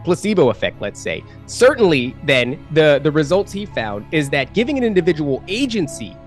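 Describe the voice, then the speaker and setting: A man's voice: on the high side, very animated, normal speed, faint music behind. A man who is a podcast guest, making an earnest, argumentative case in casual conversation. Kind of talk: casual chat, explaining a view.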